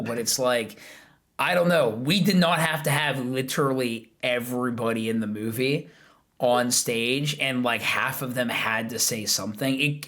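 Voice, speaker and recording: A man's voice: mid-range voice, a bit bright. A man hosting a podcast in casual chat, rambling with lots of filler words. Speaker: podcast host.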